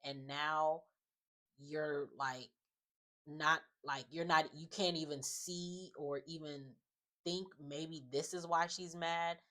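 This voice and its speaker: A woman's voice: sits low, steady tone, takes it slowly, bright, forceful tone. A woman giving a casual, opinionated recap of a reality show, chatting loosely with many fillers. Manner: chatty, opinionated, often says "just like" and "um".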